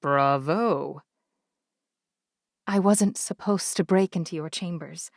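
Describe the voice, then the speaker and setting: A woman narrating a first-person audiobook with a measured, even delivery. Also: lowish voice, no room sound, studio quality.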